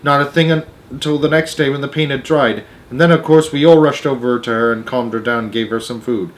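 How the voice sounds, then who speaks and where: A man's voice: mid-range voice, steady tone, fairly quick, lightly acted. A man voicing a prim, genteel female spider telling a story in a storybook read-aloud.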